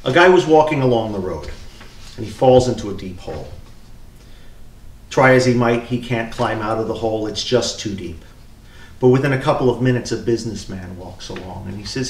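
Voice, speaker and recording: Man giving a sermon, earnest and measured, tells stories, church echo, mic kinda far. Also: medium pitch. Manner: earnest, measured delivery with storytelling. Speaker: preacher.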